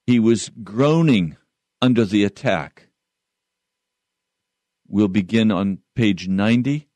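A man's voice: fairly low pitch, slow pace, mellow, dry recording. A man who is a pastor, giving an earnest radio sermon and reading aloud.

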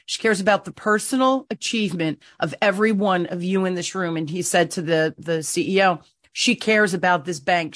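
A woman's voice: on the low side, no echo, studio quality. A woman hosting a podcast, telling a story with feeling and acting out the dialogue of the people in it. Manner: animated, emotional storyteller who acts out quoted dialogue. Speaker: podcast host. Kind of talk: conversational storytelling.

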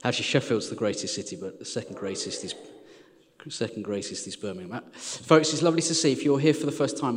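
A man in his forties from the West Midlands, a vicar chatting warmly and self-deprecatingly as he opens a sermon. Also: medium pitch. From West Midlands, England. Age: 40s. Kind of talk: sermon introduction. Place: large church hall. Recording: church hall reverb.

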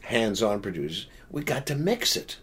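Older guy rambling thru an old story, husky voice, lots of restarts. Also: lowish voice, big pitch swings, fairly bright tone. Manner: rambling, halting restarts, laughing asides. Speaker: guest. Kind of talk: casual storytelling.

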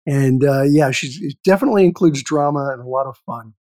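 A man's voice: mid-range voice, a little fast, a little mellow, no echo, clean studio sound. A man hosting a podcast interview, encouraging his guest with some hesitant fillers. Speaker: podcast host. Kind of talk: interview, conversational.

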